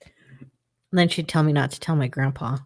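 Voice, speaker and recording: Low gravelly woman co-hosting. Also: moderate pace. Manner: short encouraging remarks. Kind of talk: casual livestream chat.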